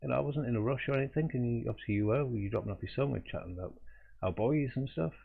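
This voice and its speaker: A man's voice: medium pitch, racing, creaky, husky. A middle-aged man, an artist hosting a live drawing stream, telling a casual, rambling anecdote with chuckles and restarts. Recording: tinny phone-like audio.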